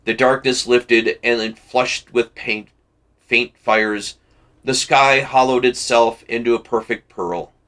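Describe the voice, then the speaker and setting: A man reading a classic novel aloud for a book club, measured and deliberate with occasional slips. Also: mid-range voice, fairly even intonation, fairly bright tone.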